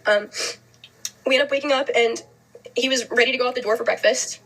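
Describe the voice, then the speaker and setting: Young woman, interview guest, husky and quick, halting delivery full of fillers. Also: a little high, fairly even intonation, a bit bright, low-quality recording. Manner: fast, halting, heavy with "like" fillers. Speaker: podcast guest. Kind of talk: interview, telling a personal story.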